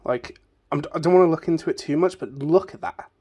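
A man with a hoarse, fading voice, rambling chattily through a casual room tour vlog filmed on a phone in his bedroom. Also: a little high, fairly quick, dark tone, muffled recording. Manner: rambling, chatty, easily sidetracked. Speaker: YouTuber.

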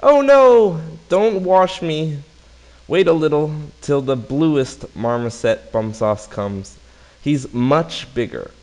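A man voicing a nervous male marmoset, the middle of three brothers, pleading in a high voice. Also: takes it slowly, darkish tone, rough recording.

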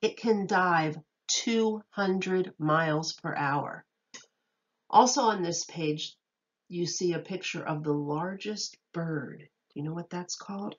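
Slow, patient woman teacher reading aloud. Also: fairly low pitch, highs cut off. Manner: slow, patient, asks children questions. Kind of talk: reading a picture book aloud to children.

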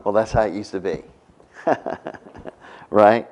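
A man's voice: fairly low pitch, slow pace, darkish tone. A middle-aged man preaching a sermon in a conversational way, often stopping to ask "right?". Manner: conversational, keeps asking "right?".

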